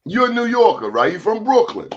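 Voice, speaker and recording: A man hosting a casual talk show, telling a story with animated quoted voices. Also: sits high, fairly quick, a little hiss or hum. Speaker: host. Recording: dull lo-fi sound.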